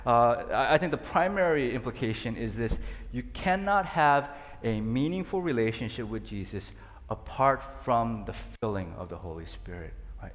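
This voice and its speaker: A man's voice: medium pitch, in a large hall. A man preaching an earnest, conversational sermon, with frequent fillers and restarts. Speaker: pastor.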